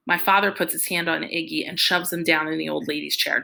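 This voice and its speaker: Gravelly-voiced woman reading a novel. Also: deep voice, steady tone, fairly quick, few pauses, pushed and bright. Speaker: audiobook reader. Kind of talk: first-person novel narration.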